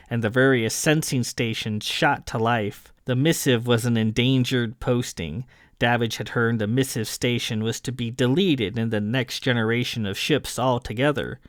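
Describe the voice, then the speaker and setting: A man reading science fiction aloud in a steady, measured way. His voice sits at an ordinary middle pitch. The recording is close and dry. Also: no room sound. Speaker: audiobook narrator. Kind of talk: scripted narration.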